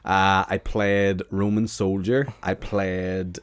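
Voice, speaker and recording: A man's voice: low-pitched, little pitch movement, slow pace, clear, resonant tone. A young man, a podcast guest telling stories playfully and laughing often. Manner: giggly, playful storytelling. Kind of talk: casual comedic chat.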